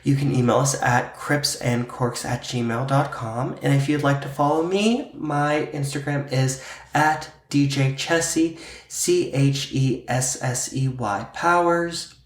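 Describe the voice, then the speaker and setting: A man's voice: medium pitch, slow. Chatty man in an echoey room. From Pittsburgh. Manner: playful, fillers like um and like. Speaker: podcast co-host. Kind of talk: casual chat.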